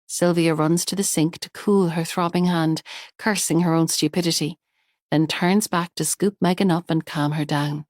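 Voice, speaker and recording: A woman narrates an audiobook in a calm and measured way. Her voice sits on the low side. She is recorded close on the mic in a completely dry space. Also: no room sound.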